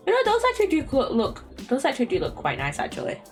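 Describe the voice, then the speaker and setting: Chatty woman streamer with lively pitch. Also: fast talker, soft background music. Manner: chatty, laughing, rambling. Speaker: streamer playing a game. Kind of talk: casual gameplay commentary.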